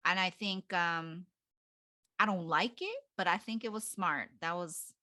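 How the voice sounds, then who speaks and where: Bright-voiced woman podcast co-host. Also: on the low side, measured pace, no echo, studio quality. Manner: reads passages aloud with hesitant fillers. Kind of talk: casual book club chat.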